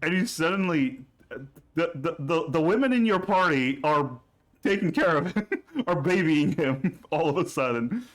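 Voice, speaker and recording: Casting: male game master, animated, swooping delivery. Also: on the high side, moderate pace. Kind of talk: narrating a tabletop game.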